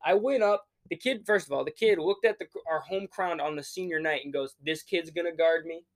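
Fast-talking young man telling a story. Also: high voice. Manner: animated storytelling, acting out quotes, casual swearing. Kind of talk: casual podcast chat.

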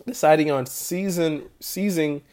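A man's voice: on the high side, a little slow, a little mellow. A young man hosting a podcast in casual solo commentary, chatty and slangy, often asking "right?" to his listeners. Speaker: podcast host.

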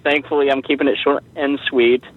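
A man's voice: mid-range voice, level tone, a little fast, narrow, tinny audio. A man leaving a rambling, jokey voicemail for a podcast, meandering and self-deprecating as he talks. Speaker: voicemail caller.

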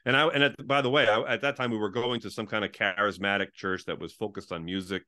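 This former pastor, a middle-aged man, is a chatty interview guest whose storytelling is full of "like" and acted-out quotes from the people involved. He talks fast in a steady, sharp tone, his voice on the low side.

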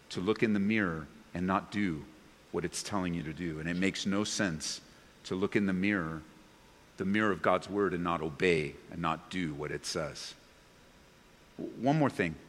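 Animated preacher in a reverberant hall. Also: male voice, normal speed. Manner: animated, swings from loud excited bursts to low earnest tones. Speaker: pastor. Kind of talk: sermon. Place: church sanctuary before a congregation. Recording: long reverb of a large hall.

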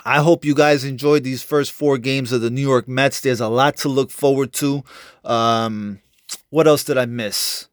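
A young man rants about his baseball team in a loose, profane, fired-up way, piling on fillers and false starts. His voice sits at an ordinary middle pitch, recorded dry and close with no room sound. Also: steady tone, normal speed, no echo. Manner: profane, fired-up trash talk with many fillers and restarts. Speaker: sports fan vlogger. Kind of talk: casual fan rant.

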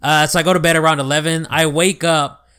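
Rambling young man with a highish voice. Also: fairly even intonation, fairly quick, sharp tone, clean tone. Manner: rambling, restarts a lot, swears casually. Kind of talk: casual chat.

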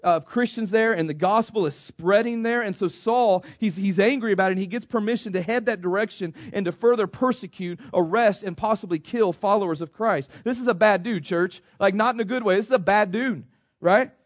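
A man's voice: high-pitched, a little fast, no echo, lo-fi sound. A man from the United States preaching a sermon, repeating himself and calling the congregation "church". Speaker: pastor.

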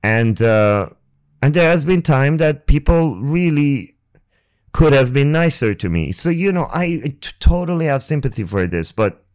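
A young man hosting a podcast, telling a personal story on a close microphone in a halting, rambling way, with restarts and swearing. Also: mid-range voice, very animated, a little mellow. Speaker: podcast host. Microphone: close ASMR microphone.

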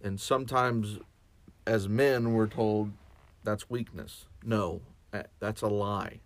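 A man's voice: fairly low pitch, steady tone, takes it slowly, no echo. A man speaking as a chaplain in a reflective podcast monologue, earnest and often restarting and repeating his words.

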